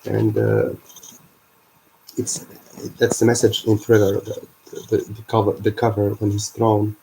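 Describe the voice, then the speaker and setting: A man hosting a livestream, explaining his ideas in an earnest, halting way. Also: on the low side, sing-song, vocal fry, warm tone, slight background noise, rough recording. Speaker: livestream host.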